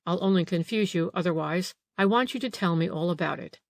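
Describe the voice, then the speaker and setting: Woman voicing a gentle old detective. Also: on the low side, a little fast, gravelly, no echo. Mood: pressing. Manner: polite, calm, questioning.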